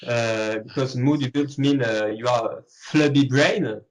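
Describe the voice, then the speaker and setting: French guy as an interview guest, slow careful english, stops to find words. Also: mid-range voice, rough recording. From France. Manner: halting English, searches for words. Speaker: guest artist. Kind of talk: casual interview chat.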